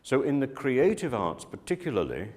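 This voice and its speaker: A man teaching students, speaking slowly and acting out the things people say with lively emphasis. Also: medium pitch. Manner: slow, lively, acts out quotes with emphasis. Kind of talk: talk to students on directing and teaching. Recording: long hall reverb.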